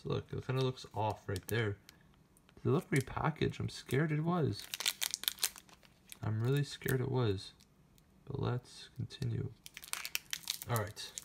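Casting note: man, unhurried delivery, excited card-opening vlogger, faint hiss in the background. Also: medium pitch. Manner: excited, chatty, addresses viewers. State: nervous and shaky. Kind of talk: casual unboxing narration.

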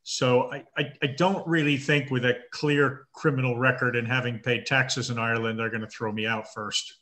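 A man in his fifties, a marathon swimmer interviewed over a video call, talking with halting restarts and dry understated humor. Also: mid-range voice, fairly even intonation, pushed and bright. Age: 50s. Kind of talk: casual interview chat.

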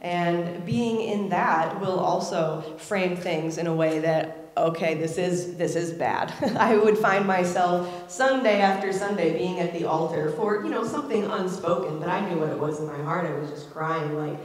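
Woman, thirties, frank reflective storyteller, lower voice, very roomy live-hall sound. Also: moderate pace, few pauses. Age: 30s. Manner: candid, reflective, acts out quoted voices. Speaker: speaker at a community event. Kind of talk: personal storytelling speech. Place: large event hall. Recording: echoey hall with long reverb.

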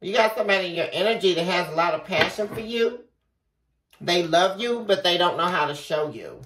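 A woman giving a casual tarot reading, talking straight to the viewer in an animated way and swearing freely. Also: on the low side, brisk. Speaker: tarot reader. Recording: echoey room from far off, faint noise.

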